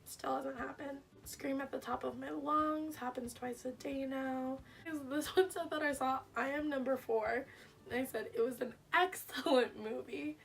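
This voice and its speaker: High, gravelly young woman, wry. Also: fairly even intonation, unhurried, far from the mic. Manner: self-mocking, wry, laughs at herself. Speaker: vlogger. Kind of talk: casual chat, reading old diary aloud.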